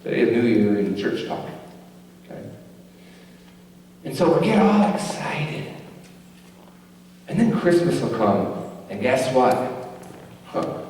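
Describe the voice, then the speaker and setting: A man's voice: medium pitch, sing-song, slow pace, pauses often, a little mellow, slight background noise. A male pastor preaching a sermon in a conversational, joking way, often checking in with the congregation. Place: large church sanctuary. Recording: echoey church hall, distant mic.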